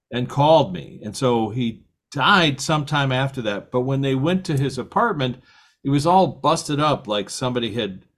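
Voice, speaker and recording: An older man hosting a podcast, telling long stories in casual conversation and laughing now and then. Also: mid-range voice. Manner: rambling storyteller, laughs often. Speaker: podcast host.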